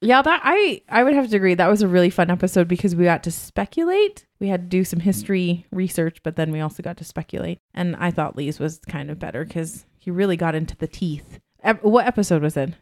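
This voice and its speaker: A woman hosting a casual podcast chat, loud and quick to laugh. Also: on the low side, expressive. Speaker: podcast host.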